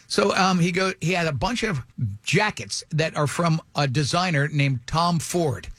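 A man hosting a radio show, telling a story in a casual, animated way and acting out the dialogue. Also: fairly high pitch, measured pace, dry recording. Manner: animated, acts out dialogue, many restarts.

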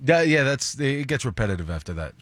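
A man's voice: medium pitch, sing-song, brisk, fairly bright tone, dry recording. A man working as a radio show producer, chiming in with matter-of-fact remarks in casual studio chat.

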